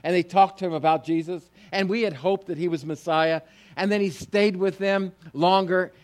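Animated high-voiced male preacher. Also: normal speed. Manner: animated storytelling with emphatic, climbing phrases; asks the listeners direct questions. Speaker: pastor. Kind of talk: sermon.

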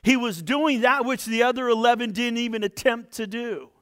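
A man preaching a sermon, retelling a Bible story and explaining it. He lifts his voice to stress a point and drops to a near hush. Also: normal speed, clear, resonant tone. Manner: expressive, rises for emphasis and drops low to a hush. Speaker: pastor.

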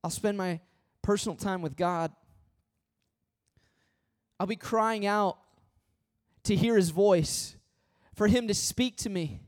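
A man preaching a sermon as pastor, swinging from loud pleading questions to hushed, earnest appeals. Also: high voice, slow pace, pauses often.

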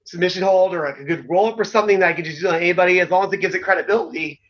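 A man's voice: sits high, rapid-fire, fairly bright tone. A middle-aged man, a former pro wrestler, telling stories in a casual, rambling way, full of fillers and the odd swear word. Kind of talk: casual storytelling. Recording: dull lo-fi sound.

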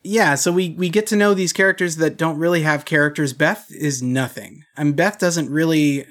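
A man's voice: on the high side, moderate pace, fairly bright tone. A man co-hosting a podcast, chatting in a wry, easygoing way, laughing and swearing as he recaps the plot. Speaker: podcast co-host. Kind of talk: casual chat recapping a show.

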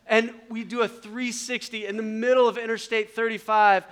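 A middle-aged man speaking at a retreat, telling an animated story in a sermon and acting out the voices of the people in it. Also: high voice, normal speed, clean tone.

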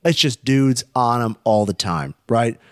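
A man in a casual podcast chat, telling a profane party story and acting out the shouting people in it. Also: mid-range voice, measured pace, no echo, studio quality. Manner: profane, animated, acts out shouting voices.

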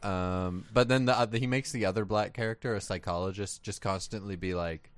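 A man's voice: lowish voice, steady tone, fairly quick. A young man co-hosting a podcast, making dry, sardonic remarks about a movie. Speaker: podcast co-host. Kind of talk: casual movie review chat.

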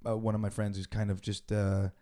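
A man's voice: on the low side, monotone, fairly quick, mellow. A man, in his forties, telling a rambling story in a laid-back, casual conversation. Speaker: podcast host.

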